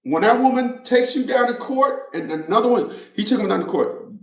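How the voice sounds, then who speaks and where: A man's voice: very high-pitched, expressive, brisk. A man talking straight to his viewers in a casual monologue, emphatic and repetitive, like a preacher. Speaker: vlogger. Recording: roomy echo.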